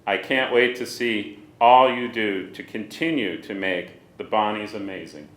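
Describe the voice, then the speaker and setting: A man's voice: fairly low pitch, unhurried, a bit bright. Official guy reading a welcome, formal, echoey room. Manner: formal, reads from a script. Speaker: university official introducing the new director. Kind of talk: prepared welcome speech. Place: large conference hall. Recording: echoey hall.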